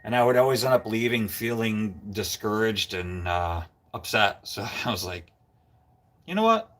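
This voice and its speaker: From a cold garage, a male livestream host with a fairly low, steady, fairly bright voice chats casually at a moderate pace. He rambles and greets his viewers by name.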